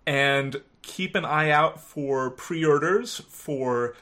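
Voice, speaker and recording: A podcast host, a woman, talking casually with a clear, bright edge to her voice. She laughs easily and often restarts her sentences mid-thought. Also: low-pitched, very slow. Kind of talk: casual podcast chat and outro.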